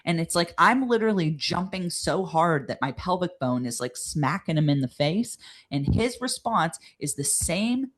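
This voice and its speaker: A woman's voice: lowish voice, expressive, moderate pace. A woman co-hosting a podcast, talking in a blunt, frank and profane way and filling her sentences with "like". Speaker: podcast co-host. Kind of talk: casual chat.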